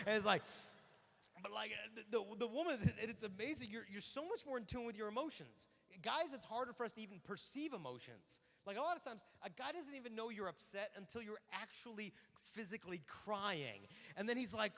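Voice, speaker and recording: A man with a high, bright voice gives an animated youth conference talk, acting out exchanges between people and leaning on fillers. His voice rings out through a large hall with a long tail of reverb. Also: a little fast, vocal fry. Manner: storytelling with acted-out voices and many fillers.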